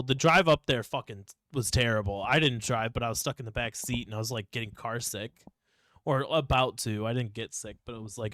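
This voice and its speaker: A man's voice: medium pitch, a bit bright, no room sound, studio quality. A young man from Ohio, co-hosting a podcast, telling rambling stories full of swearing. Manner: profane, rambling storytelling with frequent swearing. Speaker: podcast co-host. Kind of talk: casual chat.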